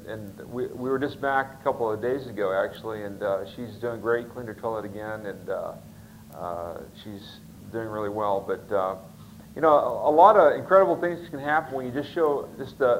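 A man's voice: mid-range voice, slight background noise, low-quality recording. A man preaching a sermon, telling a story in a rambling, folksy way with many fillers and restarts. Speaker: pastor.

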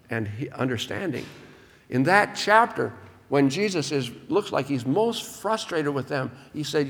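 A man preaching a sermon, expounding a Gospel text with emphatic, slowed stress on key words. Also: medium pitch, fairly bright tone, in a large hall.

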